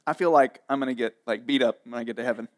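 A man preaching a sermon in a lively, jokey way, acting out the people in the story. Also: medium pitch, racing. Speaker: pastor.

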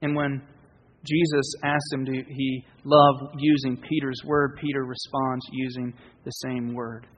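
Husky man preaching in a hall. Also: mid-range voice, little pitch movement. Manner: earnest, conversational preaching with pauses and restarts. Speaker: pastor. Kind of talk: sermon. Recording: dull, reverberant hall sound.

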